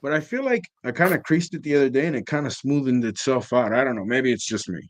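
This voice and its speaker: A man's voice: mid-range voice, lively intonation, quick pace, no echo. A man co-hosting a casual toy-collecting chat, talking in a laid-back, rambling way and trailing off mid-sentence.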